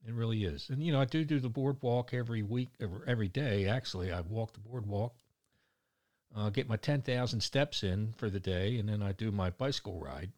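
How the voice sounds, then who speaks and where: A man's voice: fairly low pitch, a little fast, darkish tone. Blunt, rambling Baltimore man in his sixties. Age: 60s. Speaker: vlogger. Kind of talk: casual monologue to camera.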